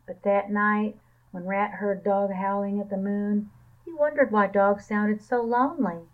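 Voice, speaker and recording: A woman librarian reading a children's picture book aloud in a calm, even storytelling manner. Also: medium pitch, measured pace. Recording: tinny phone-like sound.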